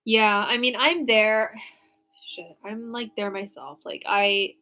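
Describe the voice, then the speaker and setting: A woman's voice: fairly high pitch, steady tone, slow, pushed and bright, faint music behind. A young woman giving casual live tarot readings, answering viewers in a frank, chatty way with lots of fillers and restarts. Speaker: tarot reader.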